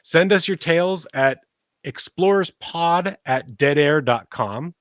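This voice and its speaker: A man's voice: a little high, takes it slowly, a bit bright, no room sound, studio quality. A man in his forties co-hosting a casual podcast, rambling and laughing often as he tells a story. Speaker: podcast co-host.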